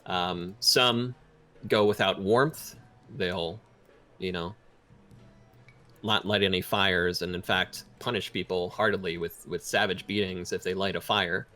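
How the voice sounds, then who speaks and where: A man as dungeon master, narrating and speaking for characters in a measured, expository way. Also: sits low, steady tone, pushed and bright. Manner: expository, measured, with many fillers. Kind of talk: narrating a tabletop game in character.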